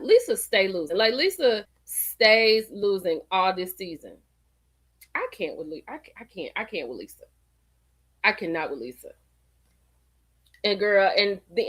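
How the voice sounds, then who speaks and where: A woman hosting a casual livestream, chatty and animated, calling her viewers y'all and girl. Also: fairly high pitch. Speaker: livestream host. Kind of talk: casual live-stream gossip chat.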